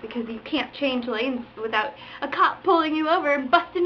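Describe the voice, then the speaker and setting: A woman's voice: sits high, fairly quick, few pauses. A young woman vlogger telling a driving story in a casual rant, acting out other drivers with sound effects and curses. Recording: dull lo-fi webcam audio with faint noise.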